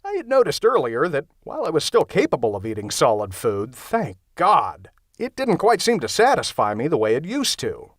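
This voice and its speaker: A man's voice: a little high, wildly swooping pitch, normal speed, no echo. Wry male audiobook narrator. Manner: wry, sarcastic, conversational. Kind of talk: first-person comedic horror narration. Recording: dry close studio sound.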